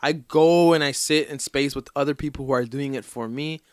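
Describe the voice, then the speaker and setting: A man's voice: mid-range voice, fairly even intonation, a little fast, dry recording, clean studio sound. A man chatting casually as a podcast guest, rambling loosely with lots of fillers.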